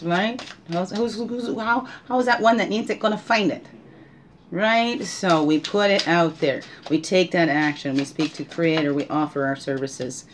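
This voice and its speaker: A woman hosting a spiritual guidance session reads oracle cards at home in an unhurried, meandering way. Her voice sits in a middle pitch, and she keeps turning to the listener with questions. A faint hiss runs under the recording. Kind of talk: casual oracle card reading.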